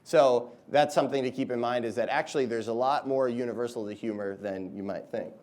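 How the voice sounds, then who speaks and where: Guy, comedian chatting to a room of students, upbeat, says "like" a lot, normal pitch. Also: brisk, darkish tone. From United States. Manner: chatty, upbeat, frequent "like" and "you know". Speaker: comedian giving a talk to students. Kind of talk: casual lively presentation.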